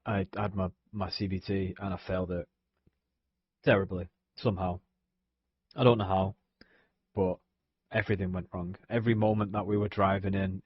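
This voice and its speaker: Husky young man ranting on stream. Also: sits low, dry recording, dull audio. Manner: frustrated ranting, heavy swearing, many "like"s. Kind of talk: casual chat.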